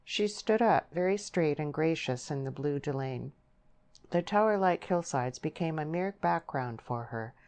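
A woman reading a novel aloud as an audiobook narrator, in a measured, literary way. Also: deep voice, lively intonation, darkish tone. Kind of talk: scripted narration.

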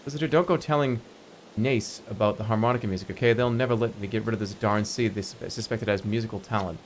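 A man's voice: on the low side, steady tone, fast talker, a little hiss or hum, pitched below the performer's own voice, lightly acted, poor audio. A man voicing a folksy old alien villager in a video game, with a drawling, homespun grumble. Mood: grumbling.

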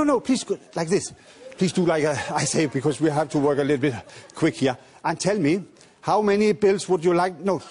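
A playful man performs a pickpocket stage act, teasing and coaxing audience volunteers with live stage patter. His voice is a little high with a darkish tone.

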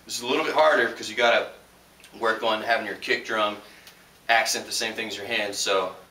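A man's voice: on the low side, fairly even intonation, a little fast. A young man teaching a casual drum lesson in a loose, chatty way, with fillers and restarts. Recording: roomy echo, distant mic, noisy.

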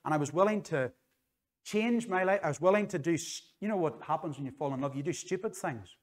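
A middle-aged man with a Northern Irish accent preaches in church, his voice sitting fairly high. He talks in an earnest, conversational way and repeats phrases for emphasis as the sermon moves toward an altar call. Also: fairly quick.

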